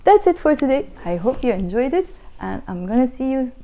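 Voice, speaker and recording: Woman teacher, higher-pitched and warm in tone, patient, says each phrase twice. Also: big pitch swings, a little hiss or hum. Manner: patient, repeats phrases slowly for learners. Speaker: language teacher. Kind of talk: explaining a language lesson.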